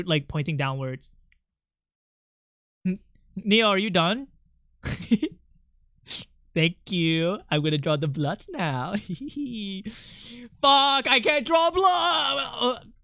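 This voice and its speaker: A young man streaming while he draws, chatting casually and excitably, laughing often and swearing now and then. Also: high voice, no echo, studio quality. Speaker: art streamer. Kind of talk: casual live-stream chat.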